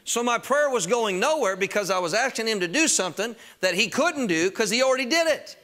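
A high, bright-voiced man preaching from the pulpit. He talks in a plain, conversational way to the congregation, then drives his points home with loud, emphatic bursts. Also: animated, brisk. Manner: emphatic preaching, rising to shouts on key phrases. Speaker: pastor. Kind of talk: sermon.

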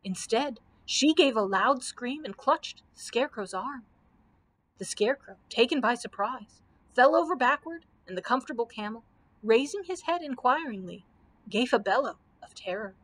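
A woman librarian reading a children's book aloud with expressive storytelling. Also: on the high side, moderate pace.

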